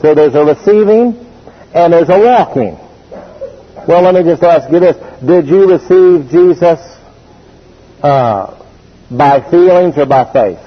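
A man preaches in a fairly high, husky voice, pressing hard on his key points. He calls out for the congregation to repeat words after him. The recording is dull and lo-fi. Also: expressive, a little slow, long pauses. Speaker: pastor. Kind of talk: sermon.

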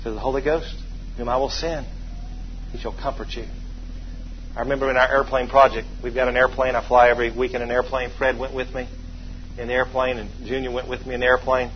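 A man preaching a sermon, telling homey stories and leading his congregation in call-and-response, moving between quiet asides and loud, emphatic stretches. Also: medium pitch, flat delivery, brisk, highs cut off, slight background noise.

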